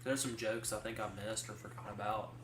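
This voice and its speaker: A man's voice: on the low side, steady tone, brisk. Chatty young man in an echoey room. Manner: rambling, chatty storytelling with many likes. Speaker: podcast co-host. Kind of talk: casual chat. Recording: roomy sound from a distant mic with faint hiss.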